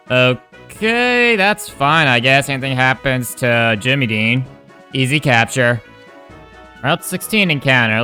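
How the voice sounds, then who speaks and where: A man casually commenting on his own video game run, wry and quick to swear. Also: mid-range voice, pushed and bright. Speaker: gaming YouTuber.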